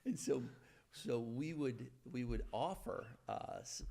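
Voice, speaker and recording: A middle-aged man with a Southern US accent shares his memories in a conversational interview. His voice has a gravelly edge and sits at an ordinary pitch, and he sounds earnest and grateful as he often restarts his sentences. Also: expressive, slow pace, mellow. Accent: Southern US (Virginia). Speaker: guest.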